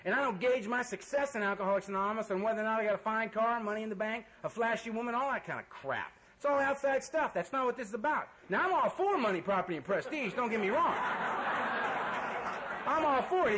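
At a recovery meeting before a room full of people, a man gives his personal testimony bluntly, with jokes, earnestness, and offhand swearing. He's high-pitched, expressive, and fast, with a sharp tone, and the audio is poor.

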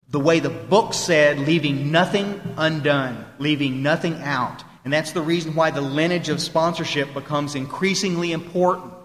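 Folksy male meeting speaker, emphatic, high-pitched, recorded live in a reverberant hall. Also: a bit bright. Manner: folksy, emphatic, quotes people in voices. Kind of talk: recovery talk to a meeting. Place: meeting room.

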